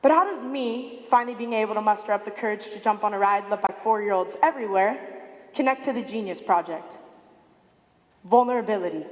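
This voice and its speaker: A woman in her late teens giving a prepared speech to an audience, telling a story with animated delivery and acting out quoted lines. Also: on the high side. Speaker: student speaker. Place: large high school arena. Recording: echoey arena with long reverb.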